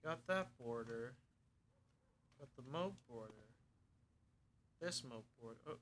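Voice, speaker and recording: A man's voice: mid-range voice, animated, takes it slowly, pauses often, sharp tone, slight background noise. A man streaming a cleaning game, casually narrating his progress in muttered asides and dry jokes. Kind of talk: casual gameplay commentary.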